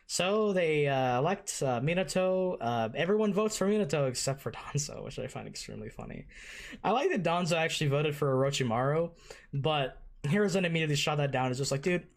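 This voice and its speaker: An anime reaction host talking in casual commentary at a mid pitch. The voice gushes with emotion and swears freely.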